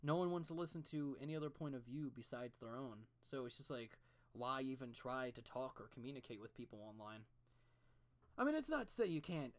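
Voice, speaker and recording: An art streamer sketches at home and chats into a desk mic in a mid-pitched voice, the commentary casual and rambling. Thoughts spill out as profane rants full of restarts and backtracking.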